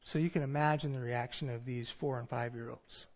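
A man's voice: medium pitch, steady tone, a little fast, darkish tone, lo-fi sound. A male pastor preaching a sermon in a church sanctuary, earnest and storytelling, with some fillers.

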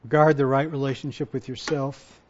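A male pastor giving a sermon, moving from quiet personal reflection to loud, emphatic repetition. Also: medium pitch, steady tone, moderate pace. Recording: dull lo-fi sound.

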